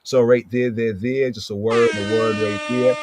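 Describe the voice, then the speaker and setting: A man teaching a scripture study, talking conversationally, reading verses aloud slowly and often checking in with "right?". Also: medium pitch, fairly even intonation, background noise. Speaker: Bible teacher.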